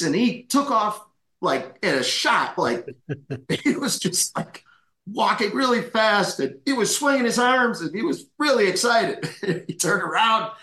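A man in his fifties, a guest chiropractor, telling animated anecdotes, laughing often and acting out the voices in his stories. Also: a little high, roomy sound. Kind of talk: anecdotal storytelling.

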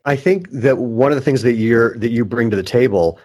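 A man hosting a podcast, telling coaching stories in relaxed conversation. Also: mid-range voice, a little fast. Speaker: podcast host. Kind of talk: casual conversation.

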